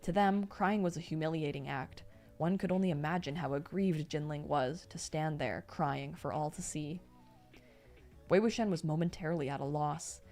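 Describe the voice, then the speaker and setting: A young woman streamer reading a novel aloud, steady between excited asides. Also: low-pitched, normal speed, soft background music. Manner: reads steadily, breaks off into excited reactions.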